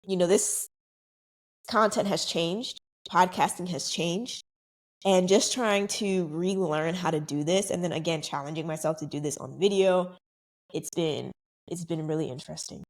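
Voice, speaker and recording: A young adult woman hosting her own podcast, telling a story in a casual, chatty way and acting out other people's lines. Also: moderate pace. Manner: chatty, animated, acts out quoted voices higher. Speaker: podcast host.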